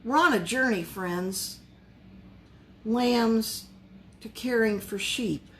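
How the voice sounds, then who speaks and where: High-voiced, unhurried woman pastor. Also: a bit bright, a little hiss or hum. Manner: conversational, asks the listeners questions. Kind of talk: Bible study teaching.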